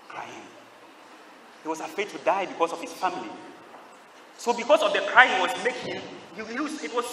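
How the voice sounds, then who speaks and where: Priest guy preaching to a big crowd, bright voice, asks questions back and forth, echoey far-off church sound. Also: fairly high pitch, a little hiss or hum. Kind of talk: sermon. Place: large church. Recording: echoey hall, distant mic.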